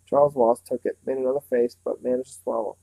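A man reading a novel aloud in measured, steady storytelling. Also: medium pitch, creaky, no echo, low-quality recording. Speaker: reader.

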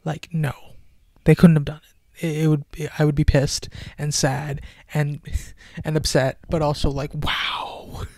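Male reviewer, slightly high, animated, surges loud then goes hushed, dry room, headset mic. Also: measured pace, creaky, dry recording. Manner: animated, swings between loud excitement and hushed near-whispers. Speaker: film reviewer. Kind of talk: excited casual film review.

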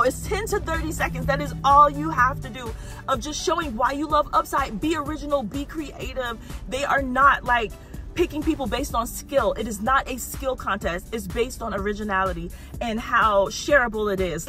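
A woman couponing vlogger, bubbly and fast-talking, pitching an app and then browsing store shelves. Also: sharp tone. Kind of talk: excited sponsor pitch and store vlog. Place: gas station, then inside a discount store.

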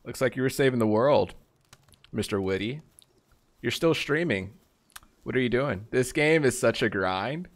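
A man's voice: medium pitch, animated, normal speed, pauses often, faint music behind. A young man live-streaming a game, chatting casually and rambling to his viewers, greeting them by name.

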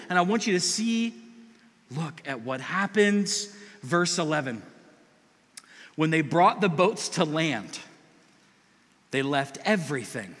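A man preaching a sermon as pastor, animated and conversational, with asides to the congregation. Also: fairly high pitch, normal speed, long reverb tail.

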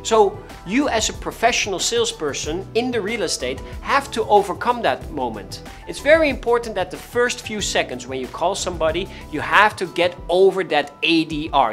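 A man coaching real estate agents on cold calling, animated and emphatic, who repeats his key points. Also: high voice, normal speed, few pauses, faint music behind. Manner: acts out callers' voices. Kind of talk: instructional talk to camera.

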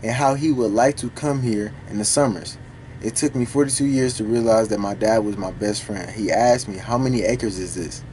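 A man recording casual reaction commentary for a video, talking back to the song in an animated, profane way. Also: on the low side, moderate pace, a little hiss or hum. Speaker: music reaction YouTuber.

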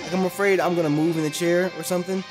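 A young adult commentating a Pokémon Let's Play, loud, profane and animated, with a desk mic and facecam. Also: mid-range voice, quick pace, over music. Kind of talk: gaming commentary.

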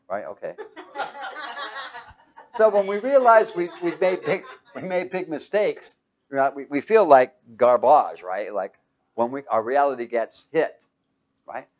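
A man giving a motivational talk to a live audience. He talks emphatically, swings from loud to hushed, and keeps quizzing listeners with fill-in questions. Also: lowish voice. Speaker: speaker teaching a live audience.

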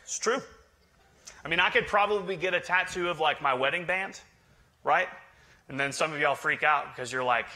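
Bright-voiced man preaching a joking sermon. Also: on the high side, moderate pace, pauses often. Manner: joking, conversational, teasing the congregation. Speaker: pastor. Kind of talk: humorous sermon.

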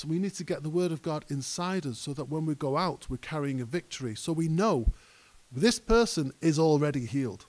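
A man's voice: on the high side, a little mellow. A male pastor preaching a conversational sermon that rises to emphatic peaks. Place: church hall.

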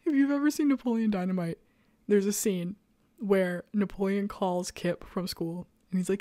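On her laid-back comics review podcast, this host giggles, breaks into laughter mid-sentence and riffs with sarcastic, animated energy. She talks at a normal pace in a mid-range voice, recorded cleanly in a studio with no room sound.

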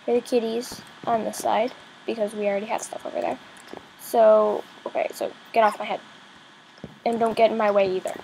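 A high-voiced female gaming YouTuber talks her way through a game, chatty and easily excited. Her voice carries a gravelly fry, and faint noise sits behind the recording. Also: low-quality recording. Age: young girl per page; adult voice unsure. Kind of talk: game commentary.

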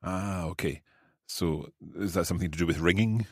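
A Scottish man hosting a podcast language lesson, repeating phrases slowly and carefully and laughing easily. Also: sits low, a little mellow, breathy edge, no echo, clean studio sound. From Scotland. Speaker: podcast host and language learner.

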